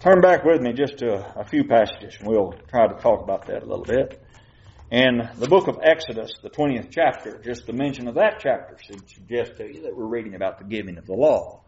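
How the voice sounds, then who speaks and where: A man preaching a sermon, reading scripture slowly and putting questions to the congregation. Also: medium pitch, animated, a little mellow. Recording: muffled church recording.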